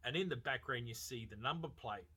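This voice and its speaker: A man giving a casual, animated movie review, swearing freely and laughing as he retells scenes. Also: mid-range voice, fairly quick, slightly rough. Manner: animated, profane, laughing storyteller. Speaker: film reviewer.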